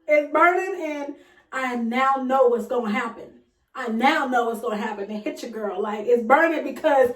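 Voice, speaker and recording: A young woman vlogger, casually retelling a personal story with dramatic, loud acted quotes. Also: a little high. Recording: echoey room, voice a bit far from mic.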